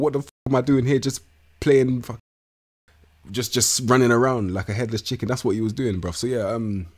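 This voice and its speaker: Slangy low-voiced lad. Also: male voice, husky. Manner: slangy, swearing, rambling and excitable. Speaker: gaming YouTuber. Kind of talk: casual commentary over a football management game.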